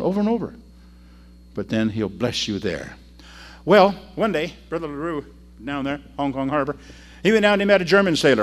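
This is an older man's sermon, full of stories and call-and-response, in which he asks the congregation to answer and repeat after him. He alternates between loud preaching and softer asides.

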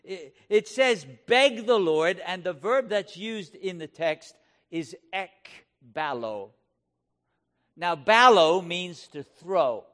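A man preaching a sermon, impassioned, asking the congregation rhetorical questions and slowly stressing key words. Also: high voice, animated, sharp tone.

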